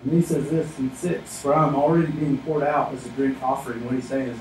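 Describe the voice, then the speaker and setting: A man's voice: medium pitch, fairly even intonation, quick pace, few pauses, a little mellow, slight background noise. A man preaching a sermon as a pastor, emphatic and earnest, often speaking a biblical figure's lines in first person. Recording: echoey room, mic at a distance.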